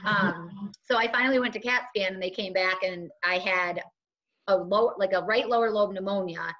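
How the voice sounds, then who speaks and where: A woman's voice: mid-range voice, moderate pace. Woman telling a story on a dull recording. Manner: animated, acts out other people's lines. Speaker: guest telling her story. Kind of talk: casual conversational storytelling.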